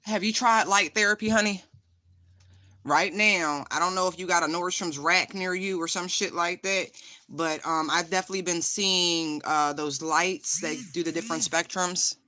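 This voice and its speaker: A tarot reader talks straight to the camera in a chatty, loose way, full of ums and likes. The voice is bright and forceful, and the sound is dry and close with no room echo. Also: medium pitch, fairly even intonation, normal speed. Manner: chatty and direct, many fillers, addresses viewers as honey; holding and showing a stone on camera. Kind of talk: casual spiritual card reading to viewers.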